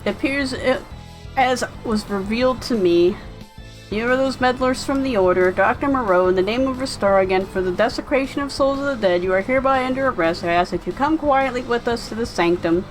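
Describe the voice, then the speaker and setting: A woman's voice: fairly high pitch, a little fast, faint music behind, lightly acted, low-quality recording. A woman voicing a stern, formal enforcer of a religious order arresting a villain.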